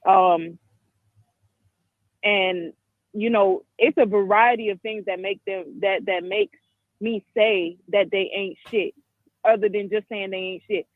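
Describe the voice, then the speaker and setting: Caller, woman, 20s, from the Caribbean; frank, halting, lots of restarts; dry phone audio. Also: mid-range voice, fairly even intonation, no echo. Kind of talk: call-in commentary. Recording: tinny dry phone line.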